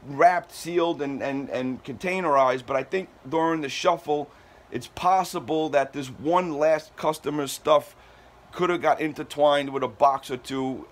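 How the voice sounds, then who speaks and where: A man who owns a moving company, talking on a heated phone call in an exasperated, defensive way, stammering and repeating himself. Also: on the high side.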